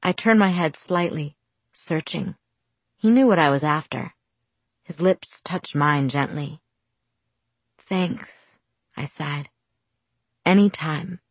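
Low-voiced woman reading a novel. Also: measured pace, no room sound. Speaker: audiobook narrator. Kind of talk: first-person novel reading.

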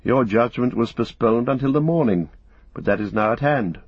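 A man's voice: mid-range voice, normal speed, slightly rough, no echo. A man voicing an earnest, polite young male hero in an audiobook, speaking courteously and formally. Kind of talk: audiobook character voice. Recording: dull, dry studio recording.

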